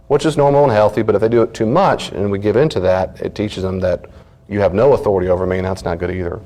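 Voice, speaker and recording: A man's voice: lowish voice, quick pace, warm tone. A middle-aged man, a pastor, giving a live church teaching talk in a folksy storytelling manner, acting out his family's voices. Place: church meeting room.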